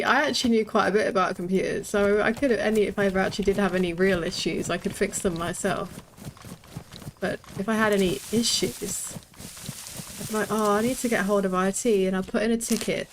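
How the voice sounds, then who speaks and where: A woman's voice: mid-range voice, slight background noise. A British woman in her thirties, chatting casually while streaming a game, swearing freely and laughing often. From Britain. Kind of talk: casual gaming stream chat.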